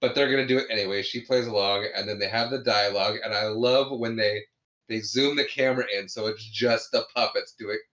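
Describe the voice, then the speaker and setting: A man's voice: fairly low pitch, fairly even intonation, brisk, bright, forceful tone, dull audio. A man co-hosting a podcast, casually recapping a film scene by scene, with many restarts. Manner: retells scenes with frequent restarts and laughter. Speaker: podcast co-host. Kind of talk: casual movie review chat.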